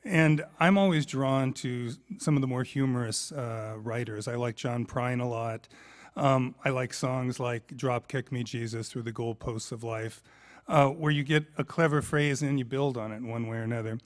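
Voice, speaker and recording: A man with an American accent, a singer-songwriter chatting in a relaxed, humorous way about his country song. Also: mid-range voice, moderate pace, no room sound. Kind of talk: spoken intro and country song with guitar.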